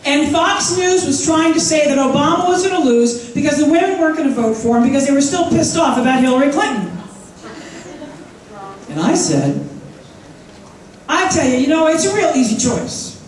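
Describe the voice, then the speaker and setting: A woman in her fifties giving an energetic, joking conference speech, rousing the crowd with call-and-response. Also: high-pitched, moderate pace, slight background noise. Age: 50s. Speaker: conference speaker. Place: large conference hall. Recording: echoey hall from far off, faint crowd.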